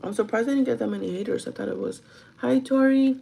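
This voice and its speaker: A woman's voice: quick pace, dark tone, low-quality recording. A young woman who is sick and losing her voice, chatting casually with her live-stream viewers, mixing English and Spanish. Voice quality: hoarse, deep for her. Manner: switches between English and Spanish. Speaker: vlogger talking to live chat.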